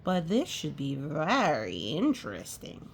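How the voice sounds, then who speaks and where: Woman doing storybook cat, female, calm, curious, unhurried, lively pitch. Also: gravelly, noisy background, full character voice. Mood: amused.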